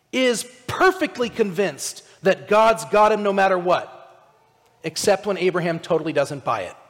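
A male pastor giving a conversational, animated sermon, asking his listeners direct questions. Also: high-pitched, big-room sound.

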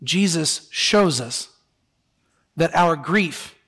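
A man preaching a sermon as pastor, very expressive, sinking soft and slow on solemn words and rising on rhetorical questions. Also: on the high side, slightly rough, big-room sound. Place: church sanctuary.

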